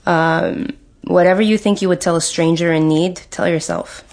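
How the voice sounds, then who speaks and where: A woman's voice: fairly low pitch, steady tone, normal speed, a little mellow. A woman talking as a guest in a casual chat, giving encouraging coaching advice.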